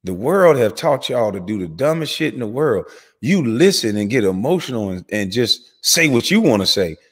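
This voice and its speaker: In a large hall, a man with a breathy voice and big pitch swings rants heatedly as host of his channel. His commentary is angry and full of profanity, jumping quickly in pitch and loudness.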